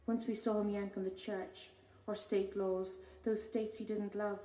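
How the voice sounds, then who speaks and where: A woman, a poet giving a measured reading of her own poems with hesitant spoken asides between them. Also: medium pitch, level tone, mellow. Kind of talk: poetry reading. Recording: roomy hall from far off.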